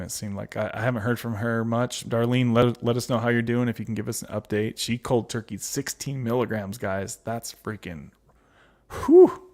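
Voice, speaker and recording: On this laid-back livestream, the male host's voice is on the low side with a darkish tone. He chats through viewer comments, reading them out and replying with frequent fillers and laughter.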